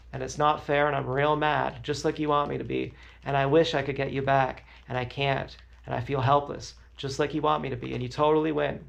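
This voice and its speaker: A young man talks live to his viewers in a rambling, agitated monologue that keeps circling back on itself. His voice sits a little high for a man, with a gravelly, crackling edge. He talks straight on, repeating phrases as he goes. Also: highs cut off. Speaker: livestreamer. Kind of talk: emotional livestream monologue.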